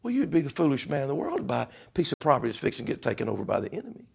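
A man's voice: medium pitch, huge pitch swings, rapid-fire, vocal fry, slightly rough. A man preaching a fervent sermon. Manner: fervent, builds to loud climaxes.

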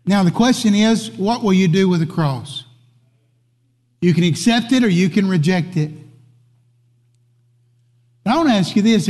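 Male pastor, high-pitched, fervent sermon delivery, reverberant church. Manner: preaching with rising, shouted emphasis. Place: church sanctuary. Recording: long hall reverb.

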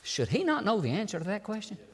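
High-voiced, lively older preacher. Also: male voice, fast talker, loud music behind the voice. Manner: emphatic, folksy preaching with sudden drops to low asides. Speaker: pastor. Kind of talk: sermon. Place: church sanctuary. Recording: long hall reverb in church.

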